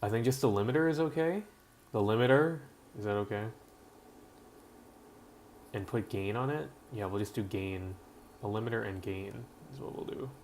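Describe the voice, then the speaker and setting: A man live-streaming casually from home, mumbling while adjusting his audio settings, his throat rough enough that he keeps clearing it. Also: lowish voice, moderate pace, long pauses, a little mellow, slight background noise. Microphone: built-in webcam or laptop mic.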